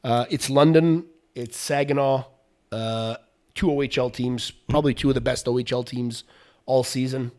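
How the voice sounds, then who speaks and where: A man's voice: medium pitch, moderate pace. Casual male podcast co-host. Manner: relaxed, filler-heavy, frequent restarts. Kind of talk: casual hockey podcast chat.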